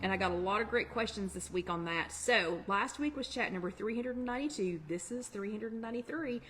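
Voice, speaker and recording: A woman hosting a live online workshop chat, talking fast in a chatty, encouraging way. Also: mid-range voice, a bit bright, a little hiss or hum. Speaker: workshop host. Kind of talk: casual live-stream chat.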